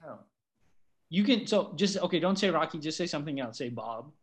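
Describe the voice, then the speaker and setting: This vlogger talks in a loose, rambling way, tripping over restarts and slipping into quoted voices of others. The pitch sits right in the middle range, and laughter keeps breaking into the talk. It sounds like an easy, unscripted chat. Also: animated, a little fast. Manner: laughs often while talking. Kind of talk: casual chat.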